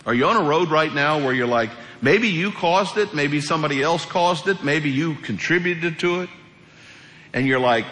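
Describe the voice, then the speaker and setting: Animated male pastor preaching in an echoey hall. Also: a little high, moderate pace. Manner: animated, colloquial preaching, acts out quoted voices. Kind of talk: sermon.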